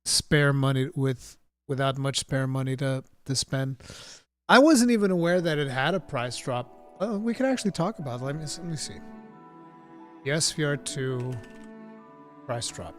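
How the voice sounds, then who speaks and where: A man hosting a live gaming talk stream, reading chat questions and chatting casually in an animated, rambling way. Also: medium pitch, moderate pace, faint music behind. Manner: animated, excitable, rambling with restarts.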